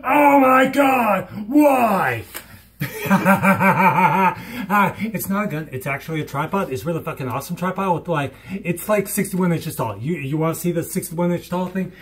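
Young man, high voice, hyper vlog, giddy and rambling, loud silly outbursts. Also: animated, unhurried. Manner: giddy, rambling, bursts of shouting and silly sounds. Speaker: vlogger. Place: at home.

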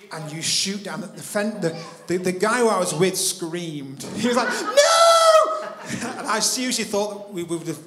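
Animated high-voiced preacher in a roomy hall. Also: male voice. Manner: animated storytelling, acting out his own thoughts. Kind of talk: sermon with a personal story. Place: church hall.

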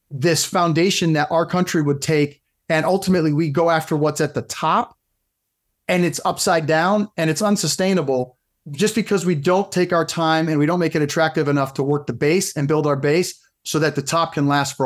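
Middle-aged fitness coach guy, kinda high voice, chatty storyteller, restarts a lot. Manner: animated, fast storytelling with frequent restarts. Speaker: podcast guest, fitness coach. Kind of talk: casual storytelling interview.

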